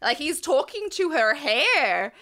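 Blunt woman co-host, swings her pitch all over, high and bright. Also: very animated, slow. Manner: blunt, indignant, swears freely. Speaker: podcast co-host. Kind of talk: casual chat recapping a reality show.

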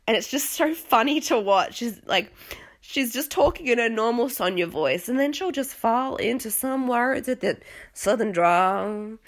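A woman's voice: on the high side, expressive, measured pace. Chatty Australian woman with a sniffly voice. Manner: chatty, rambling, giggly, self-deprecating. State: sniffly, voice failing. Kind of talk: casual reality-TV recap.

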